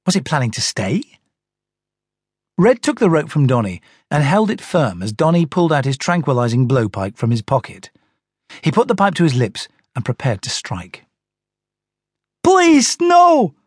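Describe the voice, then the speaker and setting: A man narrating a children's audiobook in an animated storytelling manner. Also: medium pitch, normal speed, husky, dry recording, studio quality.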